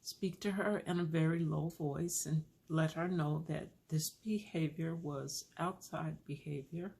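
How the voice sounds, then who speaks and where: A woman calmly telling a personal parenting story in a relaxed, unhurried way. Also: sits low. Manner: slow, calm, gravelly storytelling.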